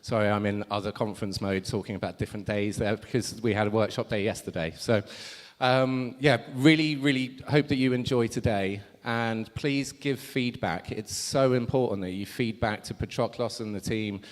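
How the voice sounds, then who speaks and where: A man's voice: lowish voice, moderate pace, hardly any pauses. A man giving a conference opening speech, rambling a little with many ums and self-corrections. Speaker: conference organizer. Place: large conference hall. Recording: hall reverb from stage mic.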